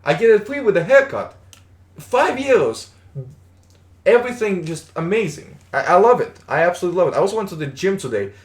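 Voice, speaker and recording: A man's voice: sits high, very animated, a little fast, echoey room. A man streaming in a casual, rambling chat, stumbling and repeating words, with the odd swear.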